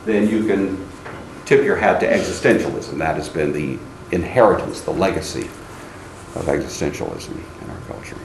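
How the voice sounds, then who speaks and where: A man's voice: low-pitched, normal speed, creaky. A man lecturing a class, calling on students by name and now and then mocking the ideas he quotes. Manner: animated, calls on students by name; mocking singsong when quoting shallow hymns. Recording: echoey classroom with faint ambient noise.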